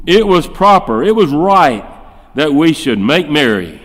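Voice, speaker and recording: Slow, animated preacher in a reverberant hall. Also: male voice, a little high. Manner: emphatic, fires off rhetorical questions; acts out quoted speech in shifting voices. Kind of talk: sermon. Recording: long reverb in a large hall.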